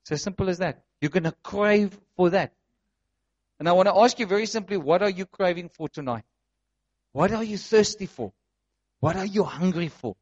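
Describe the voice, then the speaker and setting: A man preaching a sermon, telling a story with passion and swinging between loud and soft. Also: high voice, normal speed. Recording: muffled, lo-fi sound.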